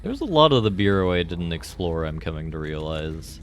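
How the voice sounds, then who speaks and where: A man with a deep, low voice talks through a game on a live stream at normal speed. He's very animated, rambling loosely from one joke to the next and leaning heavily on filler words, with slight background noise behind him.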